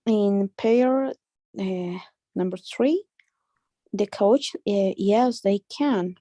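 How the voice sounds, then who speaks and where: A woman taking an English lesson, thinking aloud in a hesitant, halting way as she works through a question. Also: medium pitch, warm tone, dry recording. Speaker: English student.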